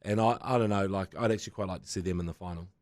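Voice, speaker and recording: Animated New man in banter. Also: low voice, rapid-fire, no room sound, clean studio sound. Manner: animated, swearing, breaks into quoted voices. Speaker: podcast panel guest. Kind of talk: casual sports banter.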